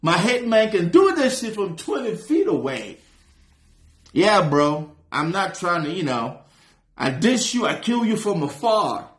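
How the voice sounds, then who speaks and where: Guy hosting a reaction vid, high voice, real lively ups and downs, slangy and hype, bit of echo in the room. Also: measured pace. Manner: animated, slangy, breaks into shouts of excitement. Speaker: reaction video host. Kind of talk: casual commentary reacting to a rap track.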